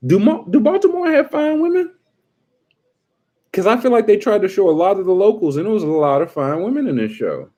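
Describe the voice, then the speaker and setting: A man casually chatting with his livestream viewers, joking around and breaking into quick impressions. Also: high-pitched, very animated, dark tone, lo-fi sound.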